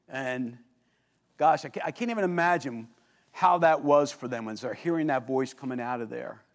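A man preaching a sermon, telling the story vividly, swinging between lively emphasis and hushed, intense moments and asking the listeners questions. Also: mid-range voice, brisk, gravelly. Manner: animated storytelling with sudden drops to quiet intensity. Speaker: pastor.

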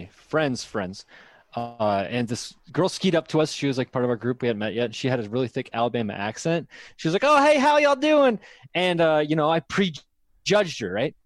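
A man co-hosting a casual comedy podcast, excitable and loose-mouthed. His voice sits mid-range and sounds dry and close to the mic. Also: mid-range voice, normal speed, no echo. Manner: excitable, swears freely, laughs often. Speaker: podcast co-host.

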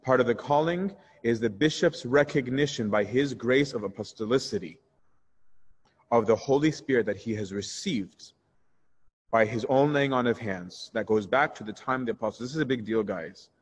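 A priest teaching a Bible study in a candid, conversational way, answering questions and telling personal stories. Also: male voice, medium pitch, normal speed, breathy edge. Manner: candid and conversational, shifts into animated retelling.

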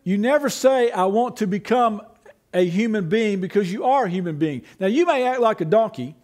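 Guy with a really high voice giving a sermon, chatty, asks the crowd questions and ribs them. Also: expressive, normal speed, a little mellow. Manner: conversational, rhetorical questions, teasing the congregation. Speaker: pastor.

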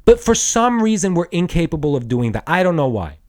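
A man's voice: fairly high pitch, big pitch swings, a little fast. Furious profane man in his thirties ranting. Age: 30s. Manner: profane, shouting bursts. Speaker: podcast host. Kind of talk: angry solo rant.

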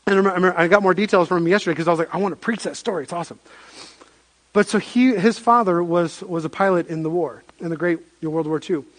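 A man preaching a sermon as pastor, telling stories in an animated way with frequent restarts. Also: high-pitched, quick pace, hardly any pauses.

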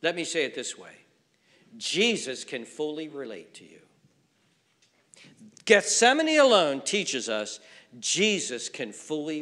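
A man pastor preaching a sermon, swinging from hushed near-whispers to raised, emphatic lines, repeating phrases as he builds. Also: fairly high pitch, wildly swooping pitch, takes it slowly, pauses often. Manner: repeats phrases and restarts words. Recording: long reverb from a large room.

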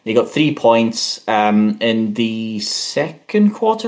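Low-voiced man with hiccups. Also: sing-song, takes it slowly, a little mellow. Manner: hesitant, many fillers and restarts, reads out stats. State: has the hiccups. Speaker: podcast co-host. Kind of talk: casual sports chat.

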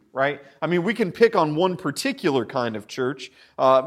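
A pastor with a fairly high-pitched voice delivers a sermon in an animated way. He stumbles over repeated words and frequently asks "right?"

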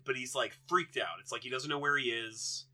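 A man's voice: medium pitch, fairly quick, bright, forceful tone. A man co-hosting a podcast, rambling and joking as he recaps a film, with casual swearing. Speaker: podcast co-host.

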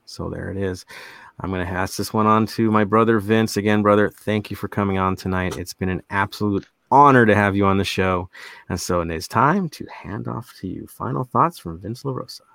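A male host with a very deep, gravelly voice closes out the segment with emphatic catchphrases. The sound is dry and close, with no room around it. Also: a little fast, a bit bright, no room sound. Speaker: show host. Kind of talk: podcast hosting.

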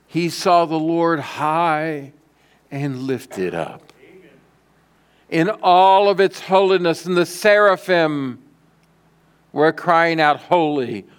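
A middle-aged man preaching a sermon as pastor, telling stories dramatically and swinging from loud declarations to hushed lines. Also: high voice, clear, resonant tone.

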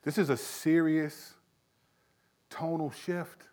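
A man preaching a conversational Bible-teaching sermon, emphatic, dropping to hushed tones to stress serious points. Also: a little high, fairly even intonation, takes it slowly.

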